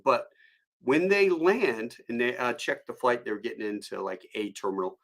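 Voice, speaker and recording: A man's voice: medium pitch, moderate pace, a bit bright. A man in his fifties, a pilot, telling a rambling story on a solo live stream, full of fillers and side tangents. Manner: rambling and digressive, with many fillers.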